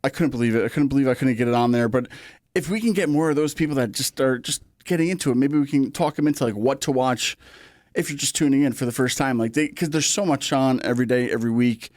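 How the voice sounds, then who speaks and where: A man's voice: medium pitch, quick pace, darkish tone, no echo, studio quality. A man co-hosting a wrestling podcast in casual chat, rambling and repeating himself as he talks. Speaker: podcast co-host.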